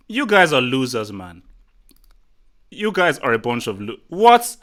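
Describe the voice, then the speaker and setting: A male host with a bright, forceful voice chatting live on a football stream. He boasts, teases his audience and gets excitable, and his voice sits at a middle pitch. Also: moderate pace, long pauses. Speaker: livestream host. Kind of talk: casual live chat.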